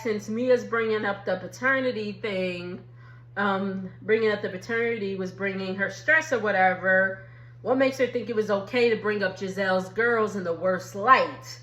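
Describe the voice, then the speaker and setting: A woman's voice: mid-range voice, a bit bright, echoey room, highs cut off. A woman, chatting casually through a TV recap and laughing as she acts out quotes. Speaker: reality TV recap YouTuber.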